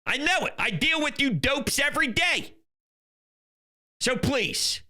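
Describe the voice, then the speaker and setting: A man ranting in a sports commentary vlog, exasperated and insulting critics, swinging between loud outbursts and low muttering. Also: very animated, slow.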